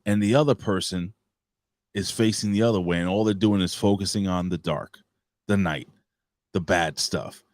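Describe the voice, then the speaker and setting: A man's voice: low-pitched, moderate pace, no room sound. A man, co-hosting a casual podcast and telling a rambling, profane story. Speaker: co-host.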